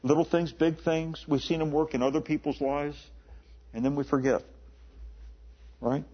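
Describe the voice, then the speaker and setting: A man preaching a sermon in a conversational way, often repeating words and slowing down to stress the scripture he quotes. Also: fairly high pitch, steady tone, slightly rough. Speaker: pastor. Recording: dull lo-fi recording.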